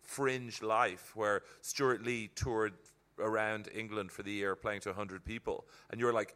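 A man's voice: on the low side, steady tone, unhurried, a bit bright. A man from Ireland, a comedian telling reflective stories in casual chat. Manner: storytelling, reflective. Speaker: comedian guest.

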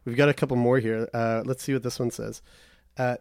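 A man's voice: mid-range voice, level tone, a little fast, a little mellow, clean tone, dry recording, studio quality. A man co-hosting a podcast, reading listener emails aloud in a casual, self-mocking way with lots of swearing and laughter. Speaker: podcast co-host.

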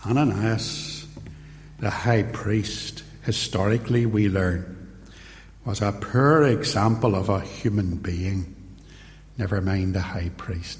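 A man preaching a sermon, telling the story slowly and acting out the quoted voices. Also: on the low side, a little mellow, slight background noise. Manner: slow, deliberate storytelling with acted-out quotes. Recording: roomy hall with long reverb.

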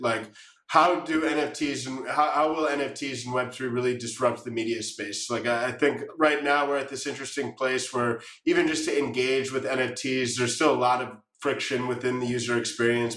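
Measured male interviewer, echoey room. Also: medium pitch, a bit bright. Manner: measured, fills with "like" and "kind of". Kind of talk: casual interview questions.

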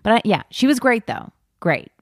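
A woman's voice: fairly high pitch, big pitch swings, normal speed, dry recording, studio quality. A woman hosting a podcast in casual chat, laying out facts and agreeing eagerly. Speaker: podcast host.

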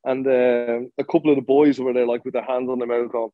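A man's voice: medium pitch, flat delivery, fairly quick, few pauses, warm tone, no room sound, muffled recording. A man who played professional football, telling a story in an interview, blunt and swearing freely, with lots of restarts.

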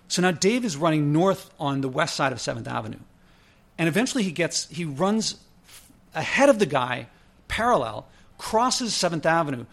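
A man with a slightly raised speaking pitch tells a story in a loose, conversational way. He leans on fillers and restarts, and his voice jumps up when he quotes other people. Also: fairly bright tone. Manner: conversational, many "like" fillers and self-corrections. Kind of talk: casual spoken anecdote.

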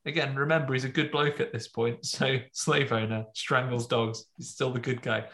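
A man casually recapping a film with friends, jokey, slipping into quick voices for the characters. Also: mid-range voice, steady tone, fairly bright tone. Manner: jokey, acts out lines in quick put-on voices. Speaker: podcast co-host recapping a film. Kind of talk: casual chat.

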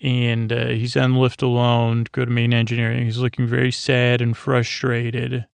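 A man hosts a sleep podcast, rambling through an episode recap with many fillers and restarts. His voice is low-key, flat, and heavily gravelly, and the recording sounds dry and close. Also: dry recording. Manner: meandering, halting, many fillers. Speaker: podcast host.

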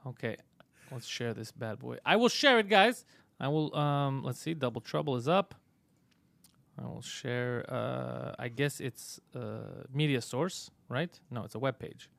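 Animated, profane man on a live stream. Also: medium pitch, unhurried, gravelly, no echo. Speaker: podcast host. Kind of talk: casual live-stream chat.

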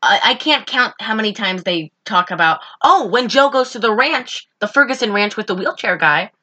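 Woman ranting about a movie to a friend, bright voice, acts out the lines. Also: medium pitch, normal speed. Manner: exasperated, animated, acts out characters' lines. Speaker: podcast co-host. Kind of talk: casual movie review chat.

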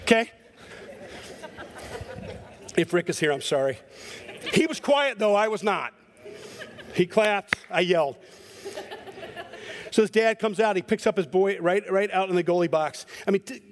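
A male pastor preaching a sermon, telling a story in a lively, animated way with repeated words. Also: high-pitched, slight background noise. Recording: long hall reverb.

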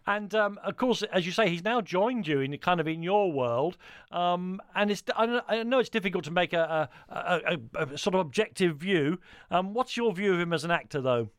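A man's voice: high voice, expressive, normal speed, clear, resonant tone, dry recording, studio quality. A man hosting a radio talk show, chatty and joking, with frequent fillers and restarts. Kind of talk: radio interview. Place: radio studio.

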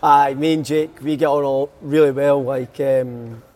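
A man's voice: medium pitch, fairly even intonation, unhurried, darkish tone. A young Scottish man, a footballer telling stories in a casual podcast chat, laughing often. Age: young adult. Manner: chatty storyteller, laughs a lot.

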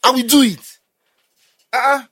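A young Nigerian man with a Nigerian accent in emphatic, animated casual conversation, often breaking into laughter. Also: extremely high pitch, unhurried, breathy edge, no echo. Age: young adult. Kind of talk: casual chat.

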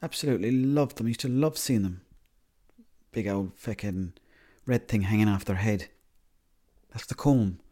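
A young Irishman rambling through a deadpan, sweary comic monologue. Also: lowish voice, moderate pace. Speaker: comedy monologuist.

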